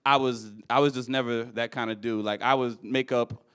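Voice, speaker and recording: Young male stand-up comic, bright and clear voice, animated, stage mic. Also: normal speed. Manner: animated, acts out characters with shouted high voices. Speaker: stand-up comedian. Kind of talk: stand-up comedy set. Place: comedy club stage. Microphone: handheld stage mic.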